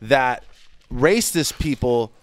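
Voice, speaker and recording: A man's voice: medium pitch, expressive, slow, clear, resonant tone, no room sound. A man hosting a podcast, giving blunt, profane opinions in casual banter. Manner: blunt, opinionated, swears a lot. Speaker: podcast host. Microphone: studio mic.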